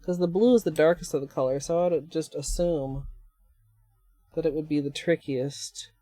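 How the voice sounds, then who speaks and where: A woman's voice: sits low, normal speed, warm tone, no room sound, clean studio sound, soft background music. A woman chatting casually while livestreaming a nail art session, rambling and joking to her viewers. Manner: chatty, rambling, self-deprecating asides.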